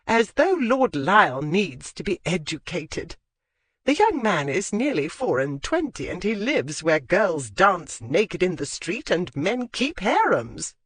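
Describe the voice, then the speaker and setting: An audiobook narrator voicing an elderly aristocratic lady who gossips bawdily in a high, swooping voice. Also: very animated, slow pace, a bit bright, dry recording, full character voice. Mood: gossiping.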